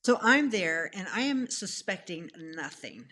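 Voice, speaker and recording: Expressive woman retelling her love story. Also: fairly low pitch, unhurried. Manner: expressive, laughing, acts out her own past thoughts. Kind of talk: animated personal storytelling.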